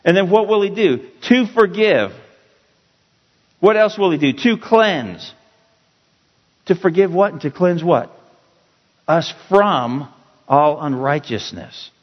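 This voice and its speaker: A man teaching a Bible passage as a pastor, slow and emphatic, repeating key words for his listeners. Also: sits high, animated. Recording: dull, roomy hall sound.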